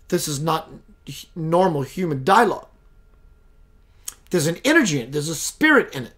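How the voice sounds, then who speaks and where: A man's voice: fairly high pitch, sing-song, normal speed, long pauses, a bit bright, slightly rough. A man hosting a spiritual show, earnestly telling of a spiritual experience in a reflective monologue. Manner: earnest, reflective, re-enacting dialogue. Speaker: host.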